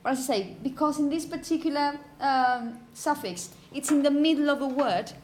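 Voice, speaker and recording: Woman phonetics teacher, high voice, drawn-out example words, faint room noise. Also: darkish tone. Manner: repeats words slowly to model pronunciation; asks "okay?" often to check understanding. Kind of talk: classroom lecture. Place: classroom.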